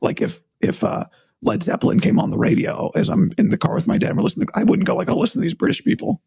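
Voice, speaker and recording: Hoarse, breathy man with high raspy voice. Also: steady tone, fast talker, dark tone, no echo. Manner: thoughtful, hedging. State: hoarse after vocal cord surgery. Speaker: sports broadcaster. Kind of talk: casual podcast chat.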